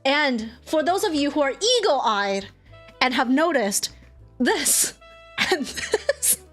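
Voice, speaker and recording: Animated young woman telling a story. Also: sits high, takes it slowly, soft background music. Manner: animated storytelling, swearing, acting out quotes. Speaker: streamer. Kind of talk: casual chat.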